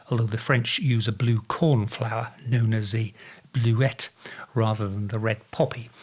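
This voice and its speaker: A man with a Norfolk accent hosting a radio show, telling odd stories in a relaxed, wry way with many fillers. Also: mid-range voice, no room sound. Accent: Norfolk English. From England. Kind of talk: relaxed radio talk with dry asides.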